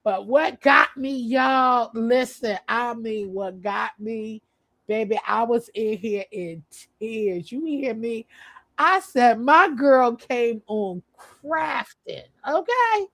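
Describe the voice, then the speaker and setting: Livestream host, woman; rowdy, laughing banter, slow and high with gravel. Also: animated, no echo. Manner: loud, laughing, playful trash talk. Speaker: channel host. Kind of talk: casual live chat.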